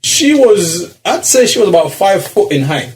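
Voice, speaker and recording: A man's voice: sits high, normal speed. A man telling a story in a casual podcast chat, acting out the people in it and laughing often. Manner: animated storyteller, acts out voices, laughs often. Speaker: podcast co-host.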